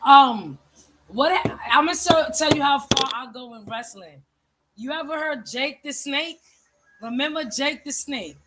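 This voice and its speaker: A woman's voice: high voice, unhurried, bright, forceful tone, a little hiss or hum. A woman in a casual, chatty conversation, reminiscing with plenty of fillers. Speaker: host. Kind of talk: casual chat.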